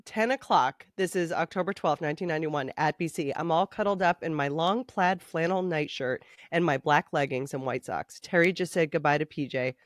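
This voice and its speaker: A woman's voice: sits low, fairly quick, hardly any pauses, no room sound, studio quality. A woman in her forties co-hosting a casual sisters' chat, reading her old diary aloud with dramatic emphasis. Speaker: podcast co-host.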